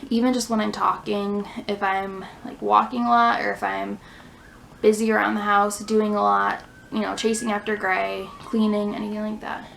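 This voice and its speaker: A young stay-at-home mom chats casually in a pregnancy update vlog from her home near a fire station, a little out of breath and full of "like" fillers. Her medium-pitched voice is gravelly and fairly bright with flat delivery at normal speed. The recording is rough, with a little hiss or hum.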